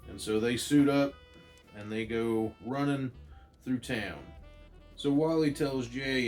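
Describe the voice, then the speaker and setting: A man's voice: mid-range voice, takes it slowly, darkish tone, faint music behind. A man casually retelling a comic book story aloud, loose and full of fillers. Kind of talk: casual read-aloud narration.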